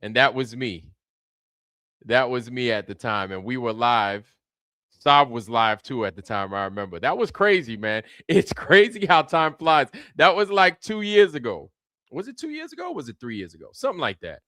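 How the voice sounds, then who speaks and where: A man's voice: medium pitch, big pitch swings, moderate pace, sharp tone, no room sound, clean studio sound. A man hosting a casual livestream, greeting viewers by name in a loose, repetitive way with plenty of slang. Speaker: livestream host.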